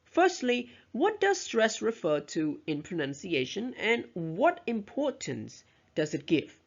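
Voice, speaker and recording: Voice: medium pitch, wildly swooping pitch, takes it slowly, vocal fry, highs cut off. A teacher giving a recorded lesson, explaining carefully and modelling example words aloud. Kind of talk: recorded lecture explaining pronunciation.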